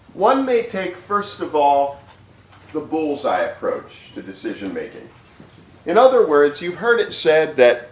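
A pastor with a voice on the high side delivers a teaching sermon in an echoey room. He's emphatic and often repeats phrases while he thinks aloud, making it something between a sermon and a lecture.

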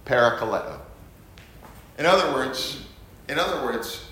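A man's voice: mid-range voice, very animated, measured pace, a bit bright. Man, Bible teacher, emphatic, repeats key words, very roomy echo. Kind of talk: Bible study lesson.

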